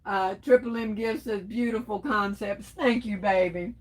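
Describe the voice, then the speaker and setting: A woman's voice: mid-range voice, a little slow, rough recording. A middle-aged woman hosting a casual livestream, reading viewer comments aloud and chatting back with them in a teasing way. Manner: chatty and teasing, addresses viewers as y'all, laughs often. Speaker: livestream host.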